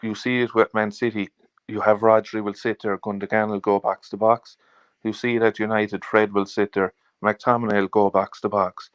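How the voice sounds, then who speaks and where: Low-voiced male caller, measured. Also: flat delivery, smooth, no echo, dull audio. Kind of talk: fan phone-in opinion.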